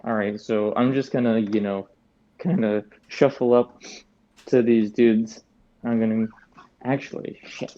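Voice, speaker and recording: A man playing a tabletop game, talking through his moves in a relaxed, deliberate way. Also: fairly low pitch. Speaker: player. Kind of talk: casual tabletop play. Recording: dull, lo-fi mic.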